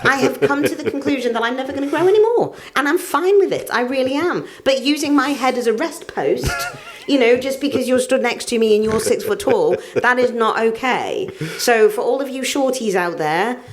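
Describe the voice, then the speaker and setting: A woman, a podcast guest chatting casually, blunt and animated, swearing freely as she tells stories. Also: fairly high pitch, moderate pace.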